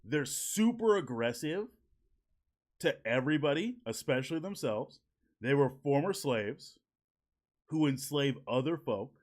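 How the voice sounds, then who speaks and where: A man at home in the evening runs a laid-back live stream, joking, swearing and often laughing as he responds to his viewers. His mid-range voice has lively intonation and a measured pace.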